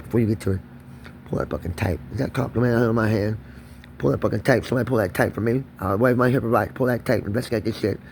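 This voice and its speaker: A man's voice: medium pitch, a little hiss or hum. Profane ranting man. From Kentucky. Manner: erratic, profane, confrontational, repeats himself. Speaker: vlogger. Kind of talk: solo profane rant to camera.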